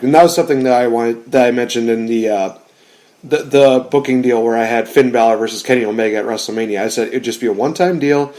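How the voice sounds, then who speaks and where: A man with an average-pitched voice talks casually on a podcast. He rambles in a relaxed way and fills his sentences with "you know" and "uh". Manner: relaxed, rambling, frequent fillers. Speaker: podcast co-host. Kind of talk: casual wrestling chat.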